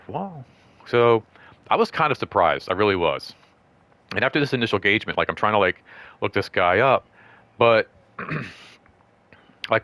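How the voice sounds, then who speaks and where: A man hosting his own show, telling a story in a loose, rambling way, full of fillers, and acting out quoted lines in a higher voice. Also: fairly bright tone, no echo. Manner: rambling, full of "like" and "you know"; acts out quoted speech in raised voice. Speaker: show host. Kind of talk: casual storytelling vlog.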